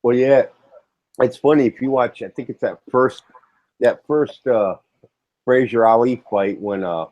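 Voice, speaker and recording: A man's voice: medium pitch, a little slow, darkish tone, no room sound, muffled recording. A man chatting casually as a guest on a live stream, laid-back with a dry, sarcastic manner. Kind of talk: casual chat.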